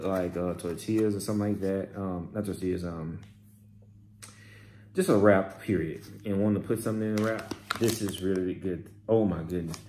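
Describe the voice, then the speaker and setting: A man casually reviewing a shopping haul, excitable and exclaiming as he reads out labels. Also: lowish voice. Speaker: vlogger. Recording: echoey room with faint noise.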